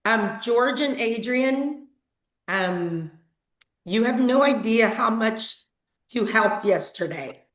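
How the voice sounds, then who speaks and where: A woman's voice: a little high, animated, slow pace. A woman on a team video call, earnestly and emotionally thanking the leaders who helped her. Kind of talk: heartfelt talk on a group video call. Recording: echoey room.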